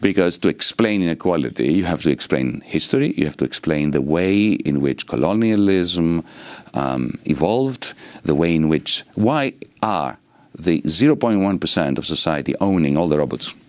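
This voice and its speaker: A middle-aged Greek-accented man speaks in a very low voice, explaining with sweeping, lecture-like rhetoric. The recording is close and dry, with no room sound. He is an economist answering interview questions. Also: lively intonation, moderate pace, a little mellow, no echo. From Greece. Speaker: economist and politician guest.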